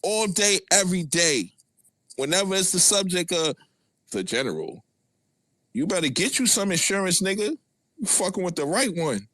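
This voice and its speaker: A man's voice: sits high, animated, normal speed, a bit bright, dry recording. Taunting, profane man with a Brooklyn accent. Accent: Brooklyn New York. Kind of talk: heated trash talk on a live audio chat.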